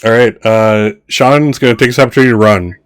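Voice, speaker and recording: A man's voice: mid-range voice, steady tone, quick pace, clear, resonant tone, dry recording. A man running a tabletop horror game as game master, joking and exclaiming with his players.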